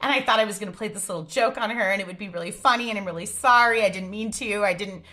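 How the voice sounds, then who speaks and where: A woman's voice: mid-range voice, quick pace, bright, forceful tone. A woman telling a story to her phone camera from a parked car, laughing to tears and giggling through her words. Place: parked car in a grocery store lot.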